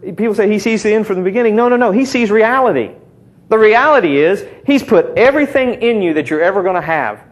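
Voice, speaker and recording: Middle-aged man, pastor; a casual, bantering sermon voice that sits slightly high. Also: animated, quick pace. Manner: conversational, teasing the congregation with call-and-response.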